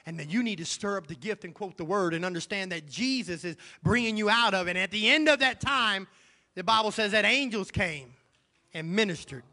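A man's voice: sits high, lively intonation, brisk, pushed and bright. A male pastor preaching a sermon in a church, emphatic and repeating his key phrases. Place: church sanctuary. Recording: long church hall reverb.

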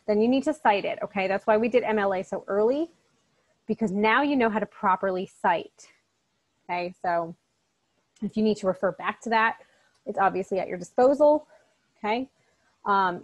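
A woman, a college English instructor, giving a recorded online lecture in a casual, chatty way, often checking in with "okay?" and speaking directly and encouragingly to her students. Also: medium pitch.

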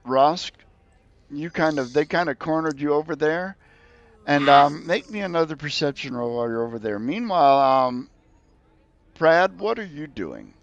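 Casting: a gravelly male game master, relaxed rambling narration, lo-fi dry mic. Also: on the high side, normal speed, dry recording. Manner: rambling, easygoing, with many fillers. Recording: dull lo-fi sound in a dry room.

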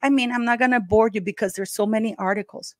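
A woman's voice: a little high, steady tone, fast talker, dry recording, studio quality. A woman hosting her own channel, giving heated, emphatic commentary and speaking straight to her viewers as "guys". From Canada. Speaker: YouTube channel host.

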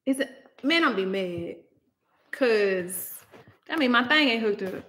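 A woman's voice: on the high side, animated, measured pace, bright, forceful tone. A young woman hosting a casual livestream, chatty and exclaiming, often laughing, talking into a laptop microphone. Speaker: livestream host.

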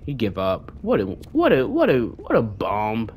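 A gaming streamer doing let's play commentary, cursing and mocking the game's enemies in a taunting sing-song, with excitable outbursts. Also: mid-range voice, unhurried, a little hiss or hum. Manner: profane trash-talking of game enemies.

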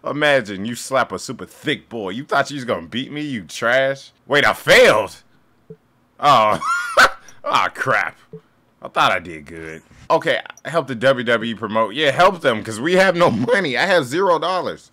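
A young man commentating his own wrestling video game play, with loud, excitable yelling and jokey trash talk. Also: mid-range voice, moderate pace. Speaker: gaming YouTuber.

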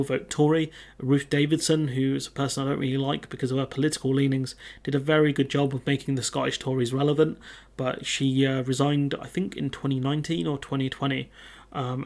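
A young man talks through political news in a casual commentary, reading articles aloud and breaking off for blunt, mocking remarks. His voice has a gravelly rasp, and his pitch stays fairly flat throughout. He fills gaps with ums and restarts his sentences often. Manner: reads articles aloud and adds blunt mocking asides, many fillers.

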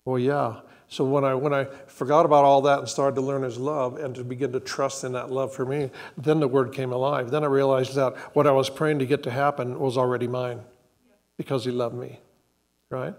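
An older man speaks in a calm, reflective way during a church sermon. He tells a personal story slowly, pausing and restarting as he goes. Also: medium pitch. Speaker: co-pastor. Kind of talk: conversational sermon. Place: church sanctuary.

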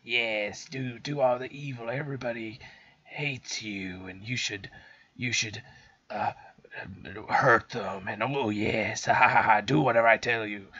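Casting: an evil smoke-faced book witch, coaxing and sinister, as a man puts her on, low-pitched, dull lo-fi sound. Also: steady tone, unhurried, sharp tone, husky. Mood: hissing. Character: seductive evil female spirit in a magic book.

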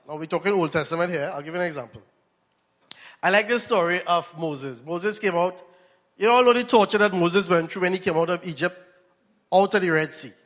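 High-pitched and fairly bright, a Trinidadian preacher narrates a story during his sermon and poses questions to the audience. The hall gives his voice a long reverb.

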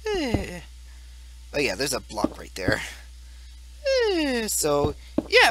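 Young male gaming YouTuber, slow and singsong, giggly, rambling commentary over faint noise. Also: sits high, wildly swooping pitch. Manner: rambling, goofy, laughs at his own jokes. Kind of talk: casual Let's Play commentary.

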